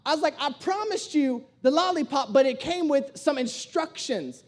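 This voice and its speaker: A young man pastor preaching a sermon, telling a family story in an animated way and repeating key phrases for emphasis. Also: extremely high pitch, moderate pace. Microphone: streamed sermon.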